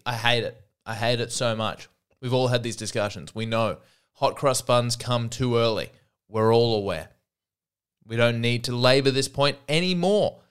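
A man hosting his own comedy podcast, rambling and self-deprecating, jumping his pitch up for emphasis. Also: moderate pace, fairly bright tone, smooth. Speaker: podcast host. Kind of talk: solo comedic monologue.

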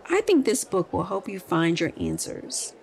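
A woman's voice: lowish voice, wildly swooping pitch, normal speed, gravelly, darkish tone, slight background noise, exaggerated voice. A woman voicing a kindly, helpful female librarian in a children's story, patiently explaining things.

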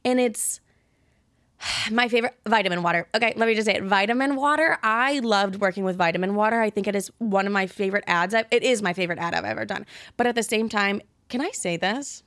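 On a dry, clean studio recording, a medium-pitched woman in her twenties speaks briskly as a podcast host fielding listener questions. She's candid and blunt, swears freely, and rambles through self-talk punctuated by loud asides.

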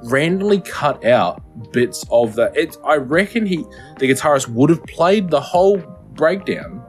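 A man's voice: on the high side, very animated, a little slow, soft background music. A man co-hosting a casual podcast, rambling and swearing as he chats. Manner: rambling, sweary, self-mocking. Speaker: podcast co-host. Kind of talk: casual chat.

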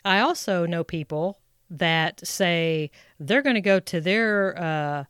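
A middle-aged woman telling a personal story in a chatty, animated way, acting out her own thoughts aloud. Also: fairly low pitch, slow, clear, resonant tone, no echo, clean studio sound. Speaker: speaker sharing a personal story.

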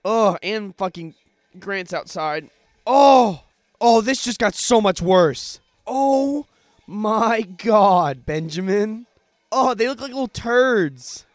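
A man on a casual podcast with a slightly high voice, loudly groaning in disgust and cursing freely. The sound is close and dry, with no room around it. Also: expressive, slow pace, no room sound. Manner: exclaims in loud disgust, swears freely. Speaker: podcast co-host. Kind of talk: casual chat.

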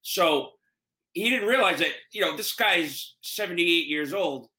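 A man hosting a relaxed talk over a video call, spinning stories with lively, profane energy. His voice sits fairly high and sounds bright and forceful. The audio is roomy, with a noticeable echo. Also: a little slow. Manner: animated storyteller, swears freely. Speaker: podcast host. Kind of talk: casual chat.

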